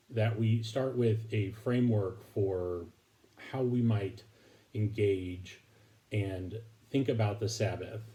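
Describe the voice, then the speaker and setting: A man giving a recorded Bible lesson to his congregation, speaking haltingly with many fillers and restarts. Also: lowish voice, warm tone. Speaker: preacher.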